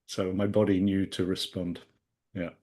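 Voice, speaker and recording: A man with a fairly low voice speaks through a computer mic on a group video call. He talks hesitantly, restarting and searching for the right words. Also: flat delivery, normal speed, a little mellow. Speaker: call participant. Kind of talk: casual sharing on a group call.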